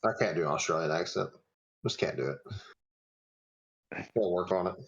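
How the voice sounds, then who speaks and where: Loose, chuckling game master. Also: male voice, low-pitched, moderate pace, creaky, highs cut off. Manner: loose, chuckling, lots of fillers. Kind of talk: narrating a tabletop game.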